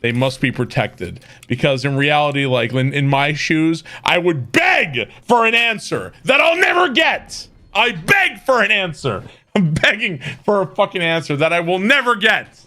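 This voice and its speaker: A man's voice: fairly high pitch, sing-song, normal speed, bright, forceful tone. A man streaming a video game, ranting with exasperation and frequent swearing. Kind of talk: casual gameplay commentary.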